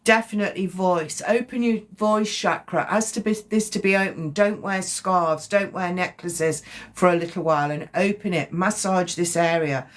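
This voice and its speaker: A woman's voice: on the low side, moderate pace. A woman giving a chatty, rambling psychic card reading on a live stream. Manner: chatty, rambling, self-correcting.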